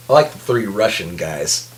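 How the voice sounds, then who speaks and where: A man co-hosting a podcast, chatting casually about a film, blunt and swearing freely. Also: deep voice. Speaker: podcast co-host. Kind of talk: casual movie chat.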